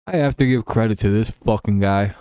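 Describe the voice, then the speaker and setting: Profane, ranting man with a low voice. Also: brisk, mellow, clean tone, no echo, studio quality. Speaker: host. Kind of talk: casual football talk show.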